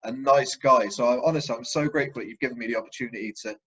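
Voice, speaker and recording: A man's voice: medium pitch, very fast, muffled recording, crowd noise. A man hosting an interview, asking eagerly and thanking his guest with stumbling restarts. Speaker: host.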